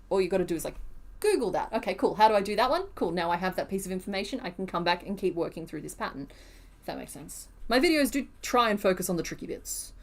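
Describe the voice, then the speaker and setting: Woman, live-stream crafter, casual chat to viewers, jokes at her own expense. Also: lowish voice. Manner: chatty, self-deprecating, answers chat questions. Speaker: crochet streamer.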